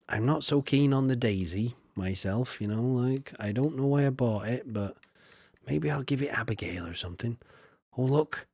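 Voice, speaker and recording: A man's voice: medium pitch, a little mellow, no room sound, studio quality. A man, casually commenting while streaming a farming game, chatty and jokey as he reads chat aloud.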